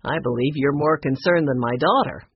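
A woman voicing a gentle, downcast middle-aged man in a storybook reading. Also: deep voice, normal speed, husky, dry recording. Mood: worried. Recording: dull, muffled recording.

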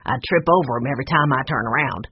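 A storybook narrator voicing a grumpy, gruff old male bookseller who snaps at children, in a dull lo-fi recording with a husky tone. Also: medium pitch, fast. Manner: curt, snapping, loud bursts.

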